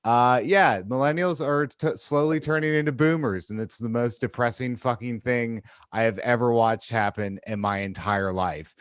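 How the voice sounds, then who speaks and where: A man in his thirties performs stand-up from a small apartment, his voice coming dry and close with little room sound. He rants bluntly and with exasperation, swearing freely, at an ordinary middle pitch. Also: moderate pace, hardly any pauses, smooth, no echo. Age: 30s. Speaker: comedian. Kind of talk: stand-up over video call. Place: studio apartment.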